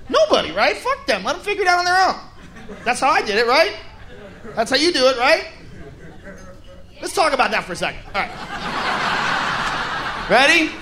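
A male stand-up comedian performing a loud, animated set, shouting punchlines and acting out bits. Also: extremely high pitch, a little hiss or hum.

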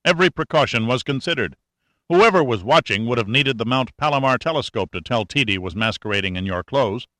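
A man's voice: medium pitch, animated, fairly quick, sharp tone, no room sound, studio quality. A man voicing a blunt, impatient older male commander in an audiobook, talking brusquely. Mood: protesting.

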